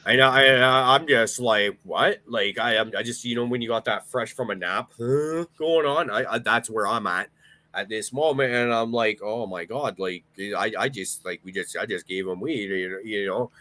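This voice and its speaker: A man with a bright, forceful tone and a fairly low voice tells a rambling story in loose, casual chat. He swears often and stumbles over his sentence starts as he goes. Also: normal speed, no echo. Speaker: podcast host.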